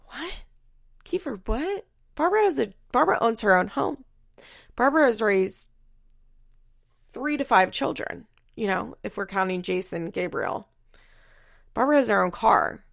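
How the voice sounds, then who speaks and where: A woman's voice: medium pitch, sing-song, normal speed, gravelly, long pauses, dry recording, studio quality. A woman recapping a reality show in casual chat, blunt and profane, often laughing.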